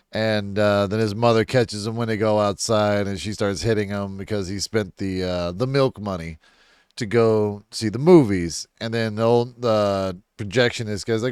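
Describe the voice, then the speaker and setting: A man's voice: fairly low pitch, smooth, dry recording, studio quality. Rambling man reacting to a movie. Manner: loose and rambling, swears, acts out movie lines in silly raised voices. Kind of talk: casual live movie reaction.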